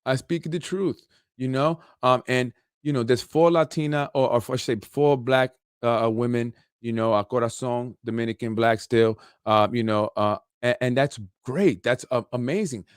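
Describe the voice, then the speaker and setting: A man's voice: mid-range voice, normal speed, hardly any pauses, smooth, dry recording. A man hosts an unfiltered political talk show and rants off the cuff, circling back to his points with plenty of "you know" and sarcastic jabs. His voice sits in a middle range and sounds dry and close, with no room around it. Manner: ranting, repetitive, sarcastic asides, lots of "you know". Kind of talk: unscripted political rant. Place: Yonkers, New York.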